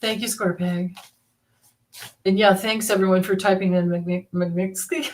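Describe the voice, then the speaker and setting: A woman's voice: medium pitch, fairly even intonation, measured pace. A woman hosting a live tarot reading stream, chatting casually, reading viewer comments aloud and laughing easily. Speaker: tarot reader hosting a livestream.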